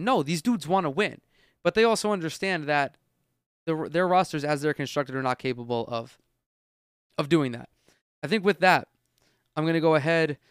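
A man's voice: on the high side, normal speed, smooth, no room sound, studio quality. Blunt, profane man hosting a podcast. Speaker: podcast host. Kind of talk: casual solo commentary. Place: room at home with windows open.

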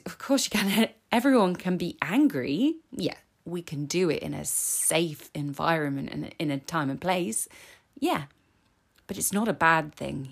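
Podcast host, woman in her 40s, slightly low voice, candid confessional chat. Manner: chatty, candid, openly emotional. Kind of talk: casual solo podcast talk.

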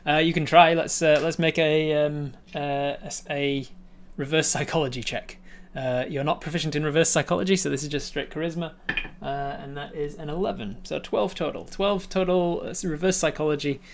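Game master making sound effects. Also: male voice, on the high side, fairly even intonation, brisk. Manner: laughs often, acts out sound effects. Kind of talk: narrating a tabletop game on stream.

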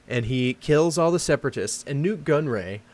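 Young guy on a movie podcast, super animated, voice jumps all over, acts out lines. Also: fairly high pitch, normal speed, slight background noise. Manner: animated storyteller, acts out quotes in exaggerated voices. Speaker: podcast co-host. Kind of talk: casual chat about movies.

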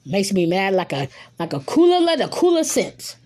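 A woman's voice: medium pitch, big pitch swings, normal speed, darkish tone. A young woman hosting her own podcast, ranting casually and emphatically in slangy talk, repeating herself often. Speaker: podcast host. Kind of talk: casual solo podcast rant.

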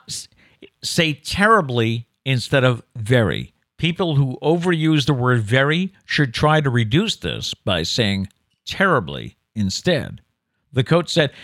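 Male co-host, animated pitch, dry close studio sound, reads with mock-formal emphasis. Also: no echo. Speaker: co-host of a daily news show. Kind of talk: casual chat, reading out an article.

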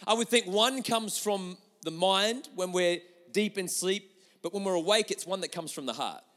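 A middle-aged man with a notably high voice delivers a sermon. He speaks to the audience in a relaxed, storytelling way, full of restarts. He often turns to the listeners with questions. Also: normal speed, in a large hall. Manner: animated, chatty, with many restarts, addressing the audience. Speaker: pastor.

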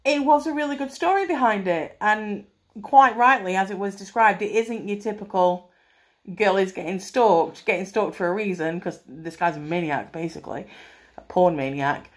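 A woman's voice: medium pitch, normal speed. Enthusiastic woman. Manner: enthusiastic, sweary, animated. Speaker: podcast co-host. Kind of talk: casual film review chat.

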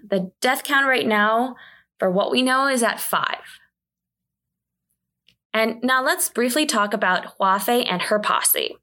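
A woman talking through a drama recap in a relaxed, chatty way. She drops in wry, sarcastic asides now and then, and her voice sits at an ordinary middle pitch. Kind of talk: casual recap commentary.

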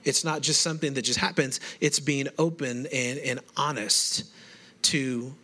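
A man's voice: medium pitch, steady tone, unhurried, bright, forceful tone. A male pastor giving a sermon who speaks emphatically and builds his points one after another.

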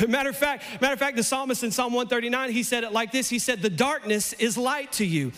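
A man preaching a sermon in a church, playful and animated, his voice climbing almost to a shout as he acts out lines. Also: extremely high pitch, fast talker, long reverb tail. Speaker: pastor.

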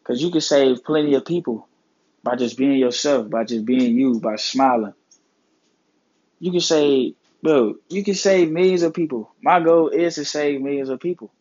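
A man's voice: mid-range voice, moderate pace, darkish tone, lo-fi sound. A man hosting his own podcast, talking earnestly and casually about life and mental health, with plenty of swearing and slang. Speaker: podcast host. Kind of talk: casual motivational talk.

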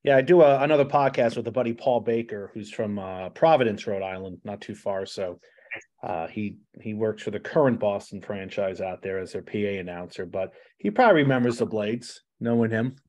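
A man's voice: fairly low pitch, brisk, darkish tone. Rambling male podcast host. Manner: rambling, many restarts and asides. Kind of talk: casual interview chat.

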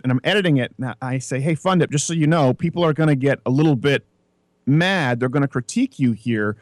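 A man's voice: a little high, no room sound, studio quality. A man hosting a casual comedic talk show, telling stories and mimicking other voices as he goes. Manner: animated storyteller, mimics voices in anecdotes. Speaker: podcast host.

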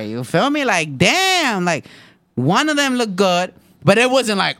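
A man, telling a profane, animated story to friends and acting out the voices. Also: high voice, normal speed. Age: 20s. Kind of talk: casual chat.

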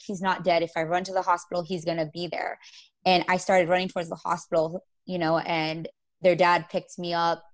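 A woman giving an emotional, halting account of her own experience as an interview guest. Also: fairly low pitch. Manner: emotional, halting storytelling with many fillers. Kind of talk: personal testimony interview.

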